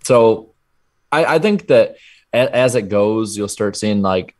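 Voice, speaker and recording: A man's voice: fairly low pitch, expressive, slow pace, a little mellow. A man co-hosting a podcast, musing about racing in casual chat with many restarts. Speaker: podcast co-host.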